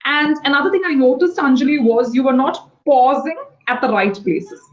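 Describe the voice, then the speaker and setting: A woman tutoring English over a video call, explaining words quickly and patiently. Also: sits high, muffled recording. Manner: fast-talking, explanatory, patient. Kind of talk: one-on-one online English lesson.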